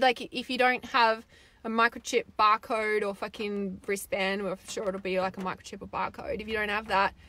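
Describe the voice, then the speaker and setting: Bright, fired-up woman on a live stream. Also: on the high side, no echo. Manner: swears freely and gets fired up; rambling, filler-heavy talk with many "like"s. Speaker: intuitive healer hosting a live stream. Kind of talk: casual live-stream chat reading viewer comments.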